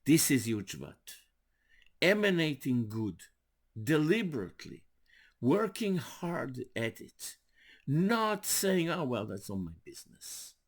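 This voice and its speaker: An older man, a rabbi, telling stories in a sermon with animated, rising emphasis. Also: medium pitch, takes it slowly. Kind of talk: storytelling sermon.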